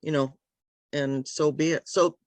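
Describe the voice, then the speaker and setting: A woman's voice: low voice, steady tone, unhurried, no room sound. A woman author being interviewed over a video call, talking in a meandering, hesitant way with many ums and restarts. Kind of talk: casual conversational interview.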